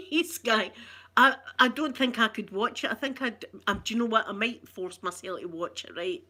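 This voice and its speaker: A middle-aged woman with a broad Scottish accent chats through a casual live stream. Her voice is bright and forward. She reads out viewer comments, answers them with warm banter and laughs often. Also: a little high, animated, normal speed. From Scotland. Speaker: ASMR channel host.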